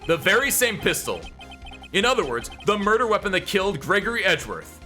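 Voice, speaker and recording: A man voicing an earnest young male defense lawyer from a video game, reading in a steady, explaining way. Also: high voice, a little fast, faint music behind, full character voice.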